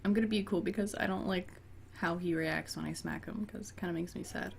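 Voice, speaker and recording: A woman's voice: lowish voice, steady tone, brisk, vocal fry, a little hiss or hum. A woman gamer reading a dating game aloud and breaking off into chatty, giggly asides, including talking to her cat. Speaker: let's play gamer.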